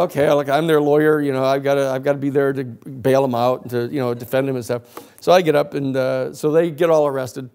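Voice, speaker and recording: Animated male lawyer telling a story. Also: on the high side. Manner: animated storyteller acting out quoted voices, laughing often. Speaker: lecturer and lawyer. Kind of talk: storytelling lecture.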